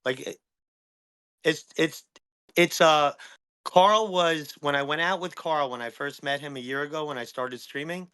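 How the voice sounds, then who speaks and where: A man's voice: fairly high pitch, a little slow, pushed and bright, clean tone. A man in his fifties, a streamer as a guest, talking in an agitated, profane way and repeating himself. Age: 50s. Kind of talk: heated conversation.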